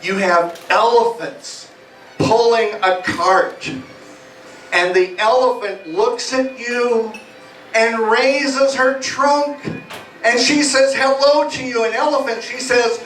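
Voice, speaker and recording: A man's voice: very high voice, takes it slowly, fairly bright tone, slight background noise. A man working as a stage hypnotist, playfully guiding volunteers through suggestions at a live comedy show in a small bar. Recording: echoey bar from far off, music behind.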